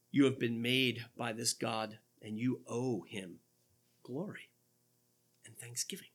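A male pastor preaching a sermon, asking rhetorical questions and quoting scripture with animated delivery. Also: medium pitch, measured pace, vocal fry.

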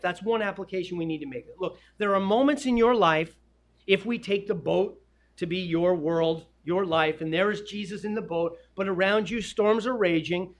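High-voiced man preaching a dynamic sermon. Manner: dynamic preaching with sudden loud peaks and hushed drops.

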